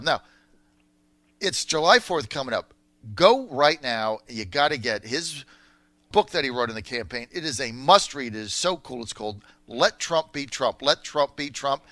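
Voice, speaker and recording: Male talk radio host, emphatic and punchy, bright forceful tone, dry close studio sound. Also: medium pitch, no echo. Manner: emphatic, punchy promotional delivery.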